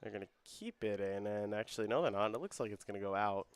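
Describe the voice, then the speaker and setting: A young man doing play-by-play for a student soccer broadcast. His voice climbs and quickens as the attacks build. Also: lowish voice, clean tone. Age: young adult. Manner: rises and speeds up with the action. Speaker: play-by-play commentator. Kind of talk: student sports commentary.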